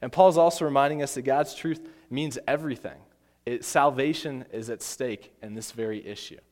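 A man's voice: mid-range voice, normal speed, a little mellow. A man preaching a sermon, telling a Bible story with acted voices and emphatic repetition. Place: church. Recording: long hall reverb.

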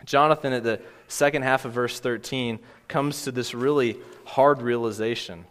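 A man's voice: mid-range voice, fairly even intonation, moderate pace, fairly bright tone. Guy preaching in a church, chatty and earnest, some hall reverb on it. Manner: earnest, conversational preaching with frequent restarts. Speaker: pastor. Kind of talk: sermon.

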